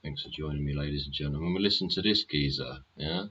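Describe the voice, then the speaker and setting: A man's voice: rumbling low, fast, a bit bright, slightly rough, highs cut off. A man hosting a live stream, chatting casually and sardonically, swearing often and asking rhetorical questions. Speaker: livestream host.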